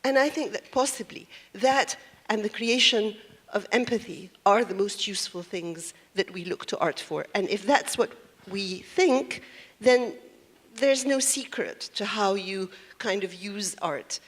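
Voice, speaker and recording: A woman's voice: mid-range voice, unhurried. A woman speaking as a panelist in a panel discussion, thinking aloud and posing questions. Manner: reflective, poses questions.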